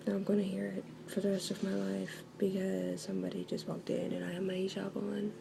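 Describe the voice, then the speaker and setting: A woman's voice: mid-range voice, completely flat delivery, a little fast, gravelly, noisy background. A young woman talking in a casual video monologue at home, sarcastic and hesitant with many ums. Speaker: vlogger.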